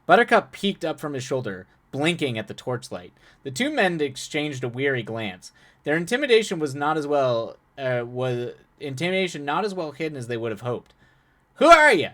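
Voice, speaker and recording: A young man reads a viewer's story aloud on a live stream. He narrates, then drops into loose, chatty commentary full of restarts. His voice sits at an average pitch for a man. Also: big pitch swings, normal speed, a bit bright. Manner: chatty, frequent restarts and laughs between passages.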